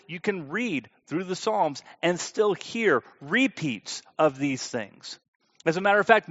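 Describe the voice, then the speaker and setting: A man's voice: high-pitched, fairly bright tone, muffled recording. A man preaching a sermon in an emphatic, conversational way, putting questions to his listeners. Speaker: preacher teaching a Bible class.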